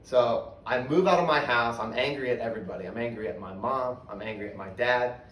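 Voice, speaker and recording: A young man giving a candid personal testimony in a sermon, often dropping to a hushed voice. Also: medium pitch, a little fast. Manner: candid, storytelling, drops to a hushed voice for hard memories. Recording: roomy, from a distance, faint ambience.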